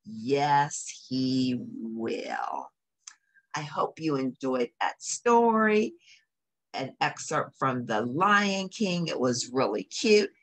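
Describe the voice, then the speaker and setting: Female storyteller, low and animated, reading a children's story. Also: takes it slowly.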